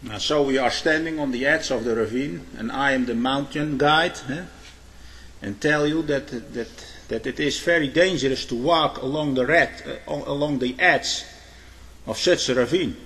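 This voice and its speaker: A man's voice: mid-range voice, fairly bright tone. Man preaching in a long-echo hall. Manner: frequent "eh?" tag questions, halting restarts. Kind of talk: sermon with illustrations.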